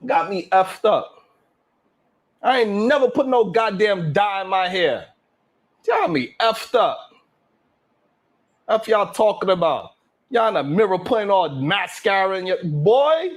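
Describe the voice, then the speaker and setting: A man hosting his own live stream show, boasting and trash-talking the haters in a loud, hyped rant full of cursing. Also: sits high, big pitch swings, a little slow, long pauses. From Brownsville, Brooklyn.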